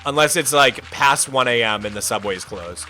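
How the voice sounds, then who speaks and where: A young American man streams and chats casually, reading out viewer messages over soft background music. His mid-range voice is bright and forceful, with lively intonation at a moderate pace. He rambles, restarts often, and leans heavily on fillers, especially "like."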